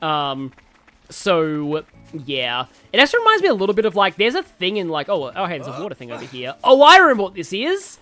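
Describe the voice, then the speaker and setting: Rambling man streaming a game, lively pitch. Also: fairly quick, soft background music. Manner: rambling, full of fillers and self-corrections. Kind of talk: casual let's-play commentary.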